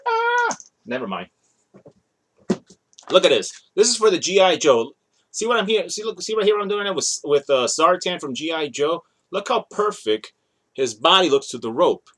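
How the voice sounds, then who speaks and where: A man's voice: on the high side, fairly bright tone, a little hiss or hum. A man in his thirties rambling casually in a show-and-tell vlog, showing off his toys and often correcting himself mid-sentence. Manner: rambling, chatty, self-correcting. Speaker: toy collector vlogger.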